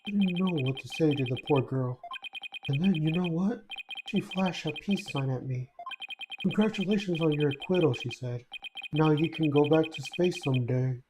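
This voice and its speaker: A woman's voice: low voice, moderate pace, natural voice. A woman reading a gloomy older astronaut. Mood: earnest. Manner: earnest, mournful, self-deprecating. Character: weary older male astronaut, gentle and self-pitying. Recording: game music behind.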